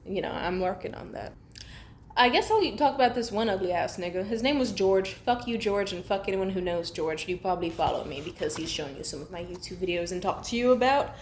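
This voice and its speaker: A woman's voice: mid-range voice, fairly quick, reverberant, a little hiss or hum. A young woman vlogger ranting casually to camera, blunt and profane, jumping from point to point.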